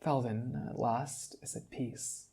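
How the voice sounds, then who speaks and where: A man calmly narrating a fantasy story in a measured reading voice. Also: mid-range voice, breathy edge.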